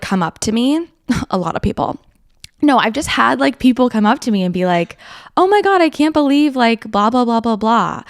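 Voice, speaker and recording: A woman's voice: mid-range voice, vocal fry, no room sound, studio quality. A young woman hosting her own podcast in a casual, chatty, self-mocking way, laughing often as she talks. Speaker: podcast host. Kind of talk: casual solo podcast chat.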